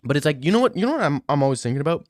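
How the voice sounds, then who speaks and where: A man's voice: a little high, sing-song, racing, darkish tone, no room sound. Young man, streamer, loose and profane, dry close sound. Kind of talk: casual stream chat.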